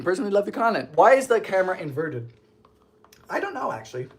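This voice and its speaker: Animated man hosting a live bake. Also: high voice. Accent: mild Bermudian. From Bermuda. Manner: animated, theatrical, jokey. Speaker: baking show host. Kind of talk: live-stream baking chat.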